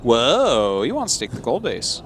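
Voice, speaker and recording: A man commentating a live game, trading dry jokes and quick analysis. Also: mid-range voice, expressive, a bit bright. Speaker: esports commentator.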